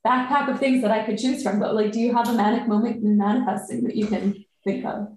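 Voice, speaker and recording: A woman chatting casually on a podcast, telling an animated story and acting out her own inner thoughts. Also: fairly high pitch, fast talker, very echoey, poor audio. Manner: animated storytelling, quotes herself.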